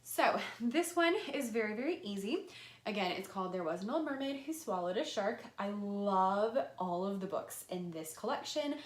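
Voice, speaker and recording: A young woman teacher explains a rhythm lesson with lively enthusiasm. Her pitch leaps high and dips low as she acts out her classroom voice. The room around her is echoey. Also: moderate pace. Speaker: elementary music teacher.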